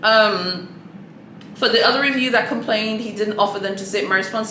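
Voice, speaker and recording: A woman's voice: medium pitch, fairly quick, bright, forceful tone, roomy sound, a little hiss or hum, low-quality recording. A woman vlogger giving sassy, chatty commentary and calling people "honey" and "boo-boo". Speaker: luxury handbag vlogger. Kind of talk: casual opinionated commentary.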